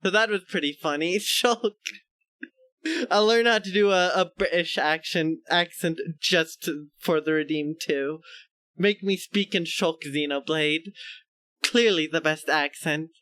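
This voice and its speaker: A man's voice: on the high side, a little slow, pushed and bright, smooth, no room sound. A male streamer chatting casually with his viewers, laughing often and poking fun at himself. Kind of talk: casual live-stream chat.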